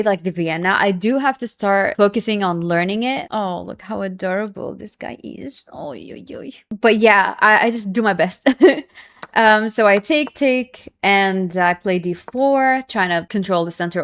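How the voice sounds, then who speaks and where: At normal speed and medium pitch, a young woman streams chess, voicing her anxious thoughts and then reviewing the game conversationally. She tends to repeat herself when stressed and bursts out with loud, excited cries.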